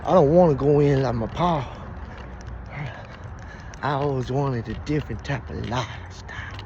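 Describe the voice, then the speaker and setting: A man's voice: mid-range voice, normal speed, dull audio, background noise. A man telling a rambling comic story full of swearing and slang.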